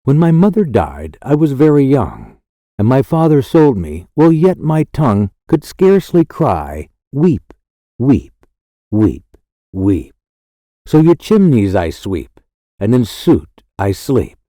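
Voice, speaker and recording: A man reading poetry aloud as an audiobook narrator, in a measured recitation. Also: medium pitch, sing-song, mellow, no echo, studio quality. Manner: slow, measured, lilting recitation.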